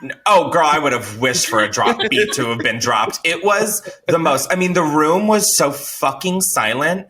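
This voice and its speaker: A man telling a wild work story in casual chat, animated and full of swearing, breaking into loud shouted impressions. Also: on the high side, moderate pace, hardly any pauses.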